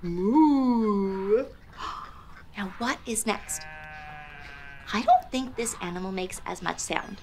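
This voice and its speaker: A woman's voice: medium pitch, expressive, creaky. Sing-song woman teaching toddlers. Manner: sing-song, exaggerated animal noises, spells words slowly. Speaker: children's show host. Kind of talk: toddler learning lesson.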